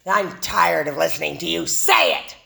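A woman's voice: low voice, moderate pace, creaky, pushed and bright, voice pushed down, full character voice. A woman voicing a mean old man who scolds her bluntly in a meeting. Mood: scolding.

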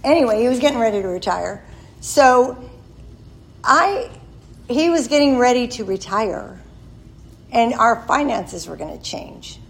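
Gravelly-voiced woman in her sixties. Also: on the high side, animated, measured pace, pauses often, low-quality recording. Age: 60s. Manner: candid, self-deprecating storytelling. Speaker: member sharing at a recovery meeting. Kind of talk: personal testimony.

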